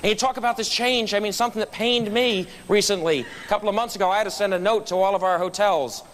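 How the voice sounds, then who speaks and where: A man's voice: high voice, fast, a bit bright, a little hiss or hum. A man giving a humorous motivational speech to a club meeting, telling stories with punchlines. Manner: storytelling with punchlines. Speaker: guest speaker at a club meeting. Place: meeting room.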